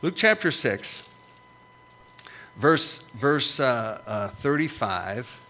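A man's voice: medium pitch, expressive, drawn-out words, bright, forceful tone, slight background noise. A middle-aged man preaching as a pastor, with emphatic, punchy repetitions that rise and fall. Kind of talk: sermon.

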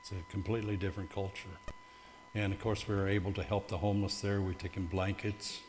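A man's voice: lowish voice, level tone, a little mellow. A man giving a missionary talk at church, hesitant and full of fillers. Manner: halting, with many fillers. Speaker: missionary co-speaker. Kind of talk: testimony talk to a church group. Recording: echoey hall with faint hum.

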